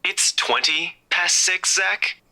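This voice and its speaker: An earnest young cop friend with a very bright, sharp tone, as a man puts him on while reading a game aloud. He speaks in a crisp, businesslike way with a friendly edge. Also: high-pitched, takes it slowly, pitched above the performer's own voice, heavily acted, low-quality recording. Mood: teasing. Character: brisk young male police friend, earnest.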